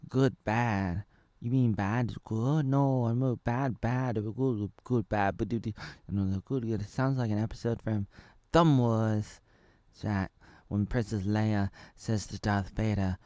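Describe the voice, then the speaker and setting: A man's voice: fairly low pitch, darkish tone, dry recording, studio quality. A man in his thirties from Oregon, rambling through a jokey episode review, full of fillers and silly asides. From Oregon, United States. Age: 30s. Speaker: video reviewer.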